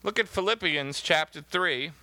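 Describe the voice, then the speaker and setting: A man's voice: on the high side, normal speed, sharp tone, no room sound. A man preaching a sermon, emphatic, reading scripture aloud in old-fashioned wording.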